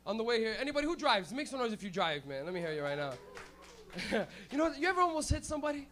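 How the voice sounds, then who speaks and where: A man with a high voice works a club stage through a stage mic, hosting a stand-up night. He tells crude stories with lots of animation and breaks into loud shouted bits. He sounds like a comedian from Canada. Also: sing-song, racing.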